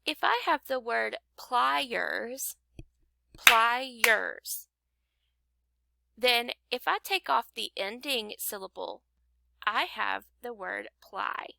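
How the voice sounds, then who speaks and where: A woman teaches phonics at an unhurried pace, pausing to clap out each syllable. Her voice is bright and slightly high, with a heavy gravelly fry at the ends of phrases. The sound is close and dry. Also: expressive, dry recording. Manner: slow, patient, clapping out syllables. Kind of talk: phonics lesson to young learners.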